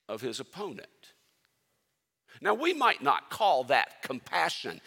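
Husky, animated man preaching in a hall. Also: mid-range voice. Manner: animated storytelling, swinging between loud and hushed. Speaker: pastor. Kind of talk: sermon. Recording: long hall reverb.

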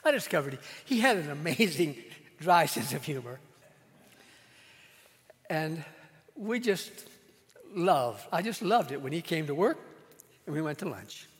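A man's voice: a little high, big pitch swings. Man preaching in a reverberant hall. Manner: conversational, with pauses and quiet asides. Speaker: pastor. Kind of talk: storytelling sermon.

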